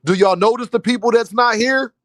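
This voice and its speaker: A man's voice: very high voice, fairly quick, fairly bright tone, no echo. A man hosting a livestream in casual commentary, emphatic and repeating his points straight to the chat. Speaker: livestream host. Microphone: streaming mic.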